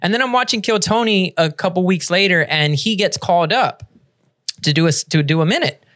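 A man hosting a casual podcast, telling a story in an animated, profane way and laughing as he goes. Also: high voice, fairly quick. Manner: animated, profane storyteller who laughs through his stories. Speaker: podcast host.

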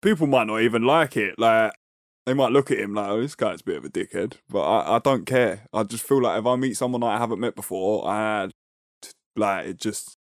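A fairly low-voiced man talks fairly quickly into a personal mic, with a clean, echo-free studio sound. As a podcast co-host in casual chat, he's chatty and self-deprecating, dropping slang like "bruv" and "innit."

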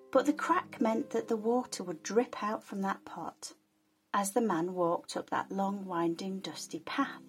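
A woman telling a folk tale in a soft, soothing, relaxing way. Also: mid-range voice. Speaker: storyteller. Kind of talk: relaxing storytelling.

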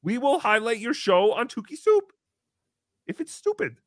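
A man's voice: extremely high pitch, big pitch swings, normal speed, dry recording. A man putting on a silly, self-pitying showman character who talks about himself in the third person in a melodramatic, whiny way on a comedic live stream. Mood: excitable. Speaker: livestream show host.

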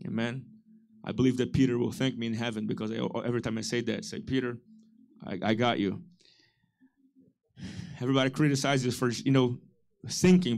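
A man preaching a sermon with passion, acting out the voices he quotes. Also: mid-range voice. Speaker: pastor.

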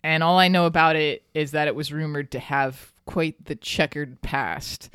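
A woman's voice: low voice, steady tone, moderate pace, a bit bright, smooth, dry recording, studio quality. A woman hosting a podcast, telling a local history story in a chatty, casual way and laughing often. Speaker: podcast host.

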